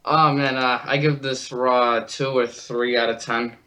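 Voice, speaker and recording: A man's voice: medium pitch, flat delivery, measured pace, sharp tone. A man calling in to a live show, easygoing and laughing, with frequent hesitant fillers. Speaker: caller.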